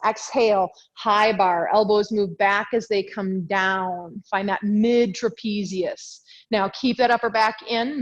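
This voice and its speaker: The audio is dull, carrying a woman's mid-range voice over a video call mic. As a yoga instructor cueing her class, she chats, self-corrects and gets a little breathless while moving with them.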